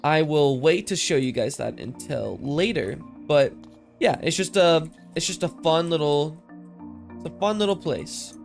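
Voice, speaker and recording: A man with a somewhat higher-than-usual voice chats through casual game commentary, rambling and quick to laugh at himself. His microphone's filters give his esses a slight lisp-like hiss, and soft music plays faintly underneath. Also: creaky. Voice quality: lisp-like sibilance from mic filters. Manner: chatty, rambling, easily amused. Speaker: gaming commentator. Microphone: desk mic with processing filters.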